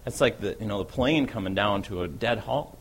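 As the apostle Peter, impulsive and eager, a man relates his story in a spirited first-person dramatic monologue that rushes and swells with his excitement. His voice is lowish and fairly quick, with slight background noise.

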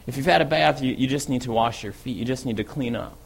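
A man voicing Jesus as a calm, authoritative teacher who speaks in a quiet and measured way. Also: medium pitch, vocal fry.

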